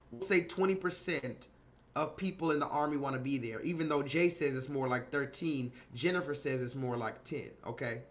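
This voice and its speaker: A man's voice: fairly high pitch, fairly bright tone. A man hosting a casual livestream, rambling and repeating himself while reading out viewers' chat comments. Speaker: livestream host.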